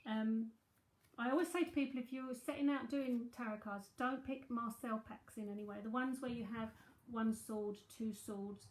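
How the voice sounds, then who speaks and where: A chatty woman in her forties with a South London accent, talking in a slightly high voice as she gives readings and answers questions. Her breezy, aside-filled talk rings out in a roomy, echoey space. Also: fairly even intonation, moderate pace. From South London, England. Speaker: psychic medium and tarot reader. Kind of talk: live-streamed psychic reading and chat. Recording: echoey room.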